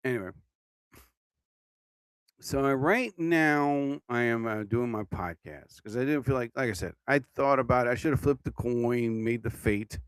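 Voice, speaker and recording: A man's voice: mid-range voice, moderate pace, clean tone, dry recording. A tired man hosting his own livestream podcast, rambling casually and yawning as he talks. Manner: drowsy, yawning, meandering talk. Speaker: podcast host.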